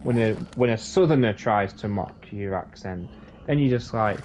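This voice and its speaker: A man's voice: lowish voice, moderate pace, a little mellow. A man with a Yorkshire accent chatting casually during a game, blunt and sarcastic, swearing freely. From Yorkshire, England. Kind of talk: casual chat while gaming. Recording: faint background noise.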